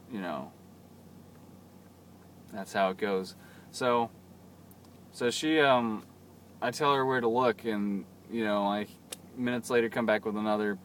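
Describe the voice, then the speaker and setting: A man's voice: lowish voice, fairly bright tone, slight background noise. A young man rambling through a chatty, self-mocking vlog story into his camera. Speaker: vlogger. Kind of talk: casual vlog monologue. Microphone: camera mic.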